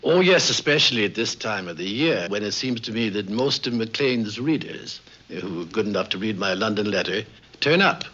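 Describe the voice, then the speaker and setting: An older man from Canada recounts his career with genial wit. His tone is bright and forward, broken by hesitant "uh" pauses. The sound is dull and lo-fi, like an old 1950s documentary. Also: lowish voice, lively intonation. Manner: genial, witty storyteller with frequent "uh" pauses. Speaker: interview guest, member of Parliament. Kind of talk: formal anecdotal interview.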